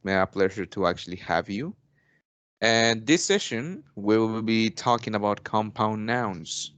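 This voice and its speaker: A young man from Mexico, a native Spanish speaker, teaches in a dry room during an English lesson role-play, his voice lowish and fairly bright. He is formal and polite, stacking "actually" and restarting sentences. The sound has no echo and is lo-fi.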